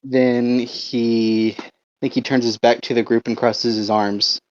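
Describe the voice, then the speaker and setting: A man's voice: medium pitch, level tone, slight background noise. Man on a dull lo-fi recording. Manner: describes his character in third person, halting. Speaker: player. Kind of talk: describing his character's actions.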